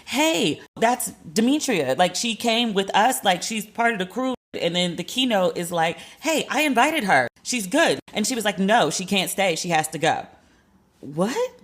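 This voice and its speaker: Profane, animated woman telling a story. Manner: candid and profane, acts out quotes with lively jumps in pitch. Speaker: podcast host. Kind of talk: casual storytelling monologue.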